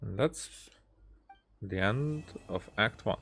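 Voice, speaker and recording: A man's voice: fairly low pitch, expressive, slow, creaky, fairly bright tone, slightly rough. A man commentating casually over a video game, chatty and rambling. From Hungary. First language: Hungarian. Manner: chatty, rambling with fillers and restarts. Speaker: let's-play gamer.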